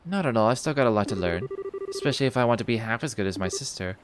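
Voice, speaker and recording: A man's voice: mid-range voice, animated, racing, noisy background, lightly acted. A man casually reading the lines of a young woman knight from a game. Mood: modest. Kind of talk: reading game dialogue aloud. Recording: game music behind.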